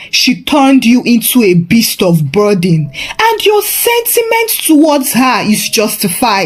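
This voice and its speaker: A woman voicing a calm, grave pastor who counsels gently and solemnly. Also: on the high side, heavily acted.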